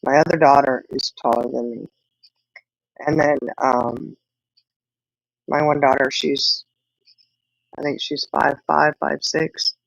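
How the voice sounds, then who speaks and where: A woman's voice: a bass voice, fairly even intonation, slow pace, vocal fry, pauses often, no echo, muffled recording. A middle-aged woman, chatting casually with viewers and rambling through family stories with laughs. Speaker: livestream host.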